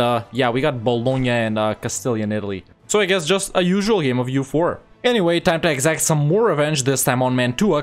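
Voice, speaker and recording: A young man talks through his game in a loose, exasperated way, mocking himself and turning each setback into mock drama. His pitch sits in the middle of the usual range for a man, and faint music plays under his voice. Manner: exasperated, self-mocking, frequent laughs and mock-dramatic asides. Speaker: gaming YouTuber. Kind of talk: casual gameplay commentary.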